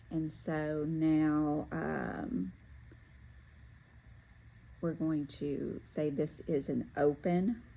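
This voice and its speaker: A woman teaching a lesson, talking through each step calmly as she works, with occasional fillers and self-corrections. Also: low-pitched, vocal fry, poor audio. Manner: talks to herself while working through steps, with fillers. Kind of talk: step-by-step classroom demonstration.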